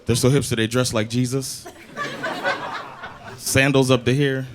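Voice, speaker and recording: A man doing a stand-up comedy set, telling animated stories and slipping in Swedish phrases and big impressions. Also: medium pitch, measured pace. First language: English. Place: comedy club stage before a live audience. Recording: live club recording with audience laughter and noise.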